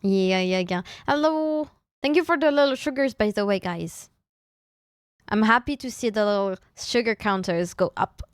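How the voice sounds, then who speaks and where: A woman's voice: medium pitch, normal speed, clean tone, no echo. A young woman, streaming in casual chat, playfully teasing her viewers and often restarting her sentences. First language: French. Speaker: VTuber streamer.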